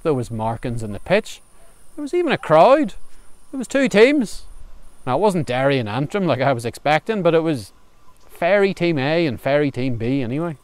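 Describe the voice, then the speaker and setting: Lively storyteller man. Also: a little high, no room sound. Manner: chatty, humorous yarn-spinning. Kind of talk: spoken folk storytelling. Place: outdoors under a tree on a farm. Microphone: camera recording outdoors.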